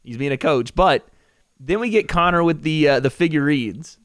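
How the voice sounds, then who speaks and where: Animated casual male podcast host. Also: fairly high pitch, moderate pace, no echo, studio quality. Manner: animated, swears freely, does mocking impressions. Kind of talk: casual chat.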